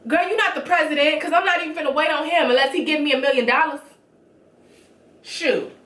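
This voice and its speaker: A woman hosting a casual reality show recap, talking in a sassy, blunt and animated way. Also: sits high, fairly quick, reverberant.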